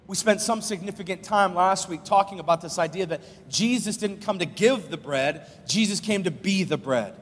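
A man preaching a sermon, swinging between loud emphatic bursts and low soft phrases and calling out to the congregation for responses. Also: normal speed, slightly rough. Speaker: pastor. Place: church sanctuary. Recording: live sermon in a reverberant church hall.

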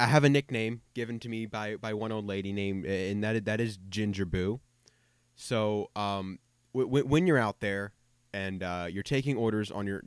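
A man's voice: on the low side, smooth, no echo. Young male co-host, chatty storyteller, dry close mic. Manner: rambling, self-interrupting, frequent repeated words. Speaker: podcast co-host. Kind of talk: casual anecdote storytelling.

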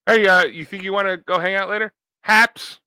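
Bright, teasing young man, dry sound. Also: sits high, steady tone, clean tone, no echo. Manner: teasing, playful, quick comebacks. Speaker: podcast co-host. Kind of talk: casual banter.

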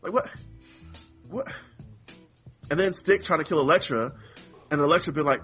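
A man's voice: a little high, normal speed, pauses often, a bit bright, husky, dull audio, faint music behind. A man co-hosting a podcast in casual chat, rambling and exasperated, acting out characters in mock voices. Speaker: podcast co-host.

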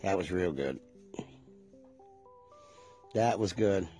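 A man's voice: low voice, animated, takes it slowly, dark tone, breathy edge, faint music behind. A man in his forties chatting casually to viewers, rambling and nostalgic and swearing freely.

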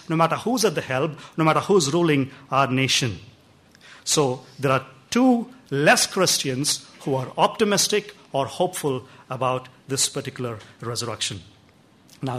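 A middle-aged man preaching an Easter sermon in an earnest way, slowing down and dropping his voice low to stress key lines. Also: fairly bright tone. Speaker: pastor.

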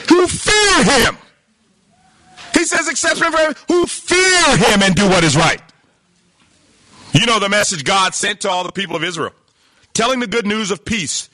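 A man preaching a sermon, emphatic and animated, reading scripture and breaking into exclamations. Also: high voice, no room sound.

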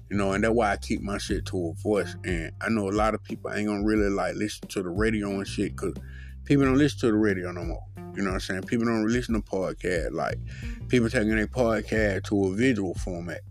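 A man hosting his own solo podcast, talking in a profane, rambling, loose way with lots of fillers. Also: lowish voice. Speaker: podcast host.

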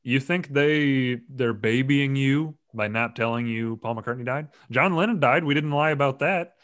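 A man's voice: mid-range voice, moderate pace, a bit bright. A man hosting a casual podcast chat, rambling and joking, often laughing mid-sentence. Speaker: podcast host.

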